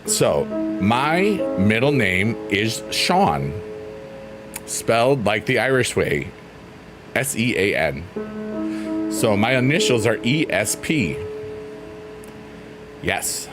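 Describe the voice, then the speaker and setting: A man's voice: on the low side, big pitch swings, slow, long pauses. A man casually chatting on a livestream, reading out chat messages in a rambling, playful, teasing way. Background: faint piano music.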